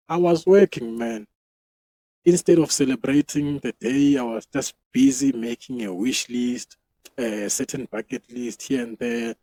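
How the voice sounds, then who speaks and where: South african guy rambling on his show, husky, cussing a lot, dry close sound. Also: medium pitch, dark tone, no echo, poor audio. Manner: loose, profane, laughs at himself. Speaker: podcast host. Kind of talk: casual solo commentary.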